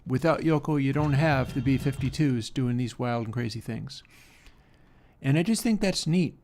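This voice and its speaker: A man's voice: medium pitch, normal speed, a little mellow, slight background noise. A man streaming casual commentary while music plays, enthusiastic with rambling asides. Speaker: streamer discussing music mixing. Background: music playing.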